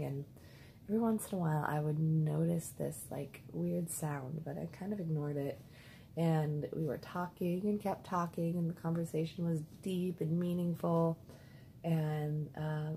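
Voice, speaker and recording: A woman talking through her dream journal in a rambling, casual way, repeating words and clearing her throat, with the hiccups. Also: lowish voice, mellow, a little hiss or hum, poor audio. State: has the hiccups. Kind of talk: casual spoken diary.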